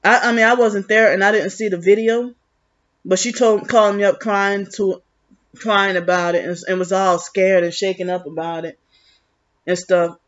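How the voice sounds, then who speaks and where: A woman's voice: mid-range voice, fairly even intonation, normal speed. A woman vlogging in a rambling, agitated, accusatory monologue, full of restarts. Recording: muffled lo-fi recording.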